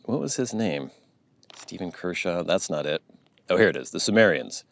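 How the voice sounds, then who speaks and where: An American YouTube host with a low, animated voice and vocal fry talks at a moderate pace, with no room sound in the recording. He rambles casually to camera, chatting and thinking aloud.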